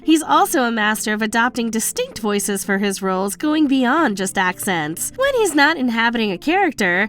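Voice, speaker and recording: A woman reading a scripted countdown voice-over in a polished, upbeat way. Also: fairly high pitch. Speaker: countdown narrator. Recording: faint music bed under the voice.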